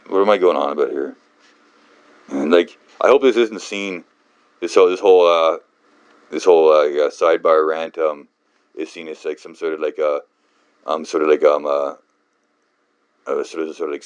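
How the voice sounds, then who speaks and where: A man hosting a book channel, ranting off-script in a halting, rambling way, swearing often and mocking himself. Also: extremely low pitch, darkish tone, dry recording, muffled recording.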